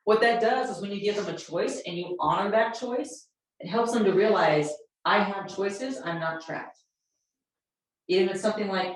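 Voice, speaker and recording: A woman with a medium-pitched voice, speaking at normal speed, presents a teaching workshop for educators. She talks directly and acts out sample conversations with students. The recording is very echoey, with her voice distant from the mic.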